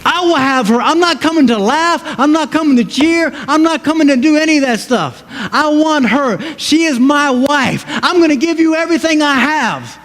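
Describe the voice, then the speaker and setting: An earnest, devoted man, played by a preacher, makes impassioned, insistent promises of love. The voice is high and lifts even higher, and the words echo through a long church reverb. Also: normal speed, hardly any pauses. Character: a loving husband and savior, adult man, earnest.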